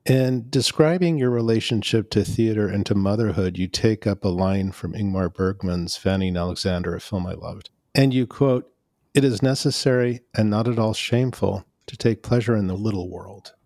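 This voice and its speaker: Calm guy interviewing someone, unhurried, kinda low voice, dry. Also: dry recording. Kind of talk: measured interview questions.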